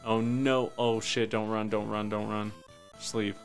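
A man streaming a game live, cursing and talking to himself, swinging between loud high yelps and low muttering. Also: flat delivery, a little slow, soft background music. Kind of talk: live gameplay commentary.

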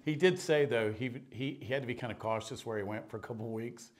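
A middle-aged man preaching a sermon, telling stories in an animated way, swinging between loud and hushed. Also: mid-range voice, fast talker, slight background noise. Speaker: pastor. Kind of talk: storytelling sermon.

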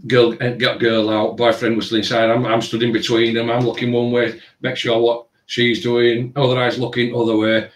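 A man's voice: mid-range voice, recorded from a distance. A man, casually telling a long story with lots of filler phrases. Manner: rambling, animated retelling with filler phrases. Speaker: tattoo shop owner. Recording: roomy, from away from the mic.

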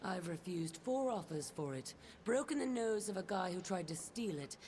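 A woman's voice: lowish voice, expressive, normal speed, warm tone. An actress playing a tough, blunt female soldier who talks in a wry, matter-of-fact way in a video game.

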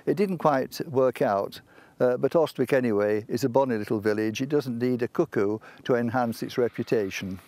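An older man telling anecdotes in an unhurried, halting way, with frequent pauses and fillers. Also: mid-range voice, a little mellow. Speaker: storyteller. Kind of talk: anecdotal storytelling. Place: country inn.

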